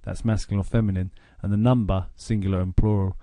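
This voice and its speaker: A man with an English accent narrating a grammar lesson, explaining slowly and deliberately. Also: lowish voice, steady tone, dark tone, no echo, studio quality. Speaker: language teacher.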